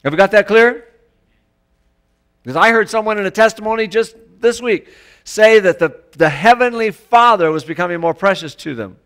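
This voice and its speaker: A man with a high, bright voice preaching a sermon. His delivery is conversational and searching, and he keeps turning to the congregation with rhetorical questions. He often stumbles and restarts mid-sentence. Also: moderate pace. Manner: frequent stammered restarts. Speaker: pastor.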